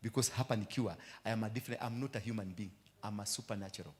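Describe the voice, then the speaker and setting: Kenyan man preaching, switching loud and low. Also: rapid-fire. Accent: Kenyan English. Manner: mixes Swahili into English, repeats phrases, swings from loud to low. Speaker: apostle preaching. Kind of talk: sermon.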